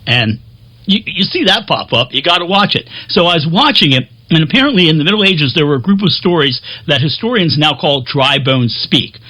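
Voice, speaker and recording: A man from Philadelphia talks to camera, rambling and chatty, laughing at himself and restarting his sentences. His voice is fairly high for a man, bright and husky, and a light radio-like dullness hangs over the recording. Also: lively intonation, fairly quick. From Philadelphia, USA. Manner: chatty, self-deprecating, frequent fillers and restarts. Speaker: music show host. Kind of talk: rambling casual to-camera talk.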